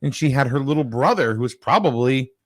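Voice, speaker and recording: A man casually chatting and telling a story with lively energy, acting out the people in it. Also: medium pitch, brisk, dry recording, clean studio sound. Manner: animated storyteller, acts out quoted people loudly.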